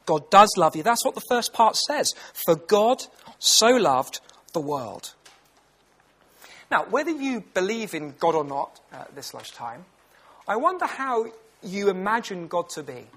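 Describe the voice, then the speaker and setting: Husky British man preaching. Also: high voice, sing-song, unhurried, a bit bright. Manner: conversational, anecdotal, earnest. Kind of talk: lunchtime Bible talk.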